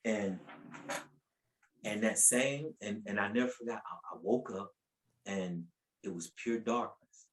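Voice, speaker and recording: This podcast guest's lowish voice moves unhurriedly with frequent pauses as he shares his personal faith testimony. Casual and colloquial, he often repeats words and enlivens the story by acting out people's words in a raised, animated voice. The recording is low quality.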